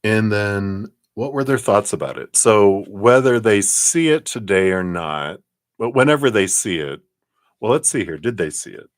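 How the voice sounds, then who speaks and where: A man's voice: fairly low pitch, expressive, normal speed, no room sound, clean studio sound. A man giving a live-streamed tarot reading, chatty and laughing often, with lots of ums and you-knows. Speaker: tarot card reader.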